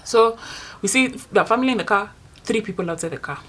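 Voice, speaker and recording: A young woman with a Kenyan accent tells a story to her vlog viewers, swinging between loud outbursts and hushed asides. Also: mid-range voice, brisk. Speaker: vlogger. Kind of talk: casual storytime monologue.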